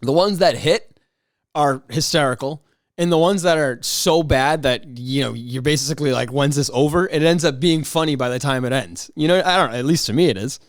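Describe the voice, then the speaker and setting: Solo podcast host, a man with a higher voice, rambling and excitable, dry sound. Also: normal speed, no room sound. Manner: rambling and excitable, frequent restarts and mock outrage.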